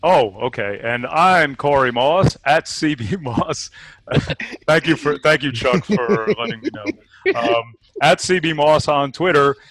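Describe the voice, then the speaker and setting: A man's voice: on the high side, lively intonation, slow, a bit bright. A man from New York co-hosting a podcast, joking and teasing his guests. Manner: jokey, teasing banter. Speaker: podcast co-host. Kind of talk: casual chat.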